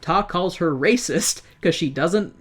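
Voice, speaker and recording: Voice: medium pitch, a little slow. A podcast co-host in casual chat, recapping a stage musical in a loose, rambling way and acting out the characters' lines along the way. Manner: animated retelling that acts out characters' lines; loose, rambling delivery with many likes and restarts.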